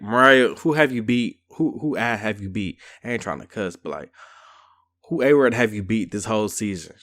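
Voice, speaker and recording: A man giving a casual, slangy recap and review of a reality show episode. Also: lowish voice. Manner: chatty, slangy, lively storytelling.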